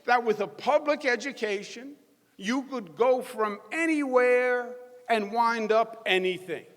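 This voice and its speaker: A man's voice: very high voice, a little slow, a bit bright. Emphatic Queens-accented man in a hall. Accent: New York, Queens. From New York. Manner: folksy, emphatic, punchy crowd-rousing delivery. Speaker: politician giving a speech. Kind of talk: rally speech. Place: large hall with a live audience. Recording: echoey hall PA sound.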